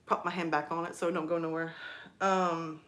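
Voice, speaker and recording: A young woman chatting on her live stream, telling stories with quick laughs. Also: on the low side, little pitch movement, a bit bright. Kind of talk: casual live stream chat.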